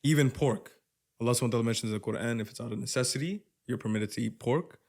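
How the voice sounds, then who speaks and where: A man's voice: medium pitch, rapid-fire, vocal fry. A man with a Canadian accent co-hosting a podcast, in casual chat, speaking animatedly and calling his friend bro. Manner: animated, says "bro" a lot. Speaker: podcast co-host.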